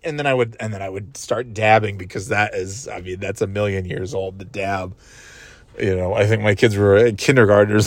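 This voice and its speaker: A man's voice: fairly low pitch, fairly bright tone, dry recording. Rambling, self-mocking middle-aged man. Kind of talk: comic storytelling monologue.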